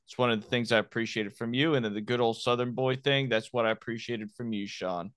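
A man's voice: mid-range voice, fairly even intonation, brisk, a bit bright, clean tone, no echo, clean studio sound. A man in his thirties from Miami, a former Marine hosting a podcast, talking frankly and rambling with many restarts. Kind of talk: casual podcast chat.

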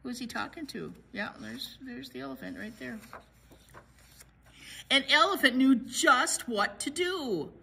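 A woman librarian reading a picture book aloud to children, pausing to chat about the pictures. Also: high-pitched, animated, creaky, pushed and bright, breathy edge. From United States. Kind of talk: children's story read-aloud.

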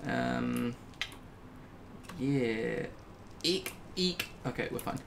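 A man giving casual, jokey commentary as he plays a video game, talking himself through it and breaking into high squeals when something startles him. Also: animated, drawn-out words, gravelly, background noise. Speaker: gaming YouTuber.

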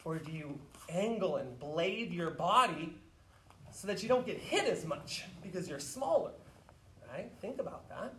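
Drill-shouting martial arts instructor, roomy echo. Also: male voice, high voice, expressive, unhurried, slight background noise. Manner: counts and shouts drill commands. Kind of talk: online class instruction. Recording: roomy echo, mic far off.

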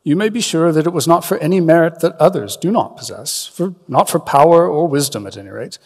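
A man voicing an old, wise male wizard in a dramatic reading, speaking slowly, deeply and with measured steadiness. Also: lively intonation, a little mellow, big-room sound. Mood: grave. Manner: slow, deep and measured.

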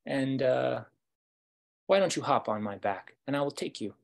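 A man's voice: medium pitch, expressive, normal speed, vocal fry, pitched above the performer's own voice. A man voicing a wise great gray wolf. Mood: eager. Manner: patient, instructive.

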